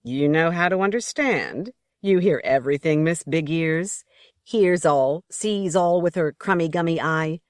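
A woman's voice: low-pitched, measured pace, no room sound, studio quality. A woman voicing a sly, crude female coyote trickster spirit in an audiobook story, talking in a brash, mocking drawl.

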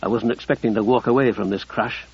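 A man's voice: mid-range voice, fairly even intonation, quick pace, darkish tone, breathy edge, muffled recording, pitched below the performer's own voice. A man doing a cool, dry woman officer. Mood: wry. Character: woman officer, crisp and composed.

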